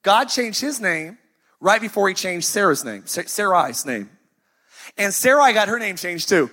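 A man in his thirties preaching a sermon as pastor, emphatic and story-driven with sighs and dramatic pauses. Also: high voice, very animated, pushed and bright. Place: church sanctuary, live. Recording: faint music behind.

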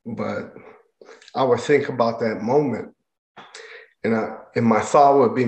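Man telling his life story, halting. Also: mid-range voice, darkish tone. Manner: halting, with many restarts and fillers. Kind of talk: personal testimony. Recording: roomy echo.

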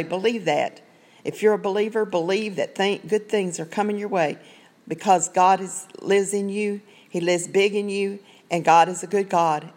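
A woman's voice: medium pitch, darkish tone. Earnest woman giving a Bible devotional. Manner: earnest, conversational, rambling with many asides. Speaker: online preacher.

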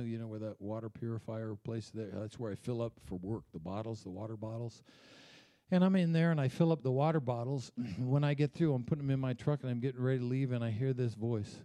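A middle-aged male pastor with a mellow, warm voice preaches in a church. He tells personal stories in a relaxed, conversational way, often checking in with the congregation. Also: mid-range voice. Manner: conversational, tag questions like "okay?". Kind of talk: storytelling sermon. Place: church sanctuary.

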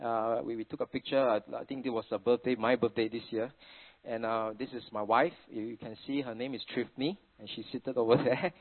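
A man's voice: medium pitch, steady tone, brisk. Singaporean man preaching on a tinny line. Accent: Singaporean English. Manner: chatty storytelling sprinkled with Singlish particles. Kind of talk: sermon with family anecdotes. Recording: tinny phone-like sound.

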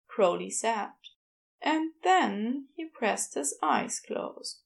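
A woman narrating a fan-fiction audiobook in a gentle, unhurried reading. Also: fairly high pitch, lively intonation, vocal fry.

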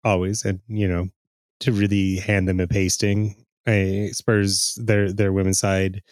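A man's voice: sits low, little pitch movement, measured pace, darkish tone, no echo. A man co-hosting a podcast, chatting casually about football with frequent fillers and restarts. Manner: chatty, hesitant with many fillers. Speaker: podcast co-host. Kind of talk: casual sports chat.

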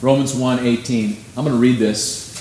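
Male pastor, casual animated sermon voice, roomy church sound, light background noise. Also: mid-range voice, moderate pace. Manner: conversational, animated preaching with sudden emphasis. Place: church sanctuary. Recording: echoey room, faint ambience.

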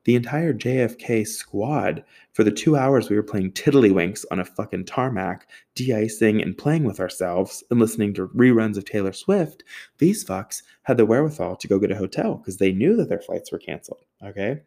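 Young man, deep voice, casual sarcastic storyteller who swears freely. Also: lively intonation, normal speed, warm tone. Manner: profane, sarcastic, exasperated.

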